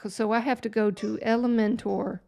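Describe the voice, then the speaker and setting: Woman host, gravelly, sarcastic, muttering to herself on a live stream. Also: a little high, fairly even intonation, brisk, warm tone, slight background noise. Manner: sarcastic, exasperated, talks to herself. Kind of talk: casual live stream chat.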